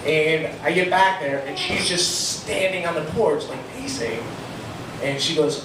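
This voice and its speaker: A man's voice: fairly high pitch, lively intonation, unhurried. A man from Cleveland, Ohio, doing a rambling, self-mocking stand-up set on a club stage, laughing through his lines. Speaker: stand-up comedian. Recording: echoey room mic heard from far, noisy.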